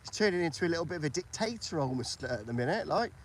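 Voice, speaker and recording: A man's voice: on the high side, lively intonation, fast, slight background noise. A British man hosting a casual political chat on a livestream, repeating himself and asking for agreement. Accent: British English. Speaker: livestream host.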